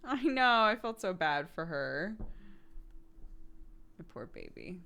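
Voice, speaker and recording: A woman's voice: fairly low pitch, very animated, slow pace, gravelly, pushed and bright. A woman in her thirties streaming at home, telling a rambling anecdote to her chat with many fillers and acted quotes.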